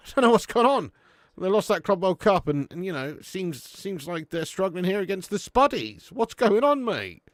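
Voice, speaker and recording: A young man hosts a live football watch-along, swearing and bantering with his chat, then bursting into shouted commentary when goals go in. His voice is a little high, with no echo.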